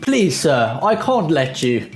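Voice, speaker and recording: A man's voice: fairly high pitch, big pitch swings, slow, roomy sound, faint music behind. A man voicing a prim, courteous woman who keeps a game's raid den, in a posh English accent. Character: prim, polite female raid den keeper.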